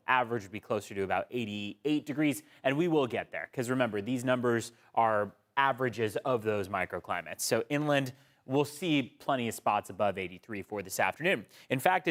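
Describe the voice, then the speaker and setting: A man's voice: mid-range voice, a bit bright. A male TV meteorologist with an American accent, explaining the forecast in a conversational way. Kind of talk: weather forecast.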